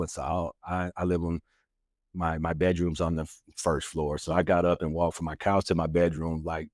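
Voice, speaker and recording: A man's voice: low voice, fairly even intonation, fairly quick, a little mellow, no echo, clean studio sound. A man, an author and guest, earnestly telling a personal testimony in a casual interview, acting out the lines of people he quotes. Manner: earnest storyteller who acts out quoted lines; many fillers and restarts.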